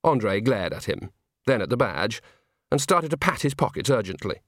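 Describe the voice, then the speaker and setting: A man narrating an audiobook in an expressive, comic storytelling manner. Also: on the low side, normal speed, dry recording, studio quality. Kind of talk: scripted narration.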